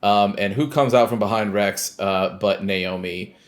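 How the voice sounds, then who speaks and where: A man's voice: lowish voice, a little slow. A man co-hosting a podcast, casually recapping a game and acting out scenes in snarky mock voices. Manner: animated storyteller who acts out scenes in snarky mock voices. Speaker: podcast co-host.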